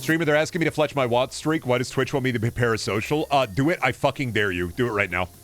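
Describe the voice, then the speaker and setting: A man's voice: medium pitch, quick pace, fairly bright tone, faint music behind. A man streaming a game, chatting casually in a rambling, profane, jokey way.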